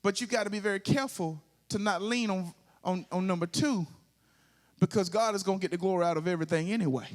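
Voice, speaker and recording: A man's voice: high-pitched, fast talker. A male pastor with a Southern US accent preaching a sermon, drawing call-and-response from the congregation and building to sung, rising climaxes.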